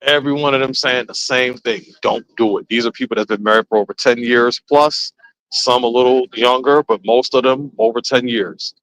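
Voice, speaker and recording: Animated man telling stories. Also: mid-range voice, normal speed, poor audio. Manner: animated storytelling, voices quoted people. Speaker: host. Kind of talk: casual podcast chat.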